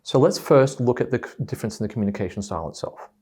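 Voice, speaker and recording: A man's voice: medium pitch, fast, breathy edge. A man telling a story to an audience about communication styles, acting out both sides of a quoted argument. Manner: animated, acts out both sides of quoted dialogue.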